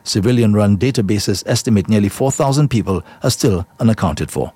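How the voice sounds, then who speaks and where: A man reading the news with a low, mellow voice. His delivery is steady and measured, and the recording is dry and close, with no room sound. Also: husky, no room sound. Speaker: newsreader.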